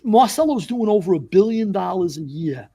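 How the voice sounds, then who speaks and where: Animated New York man telling stories. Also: high-pitched, moderate pace. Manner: animated storyteller acting out quoted dialogue. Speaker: former mobster guest. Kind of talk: storytelling in casual interview.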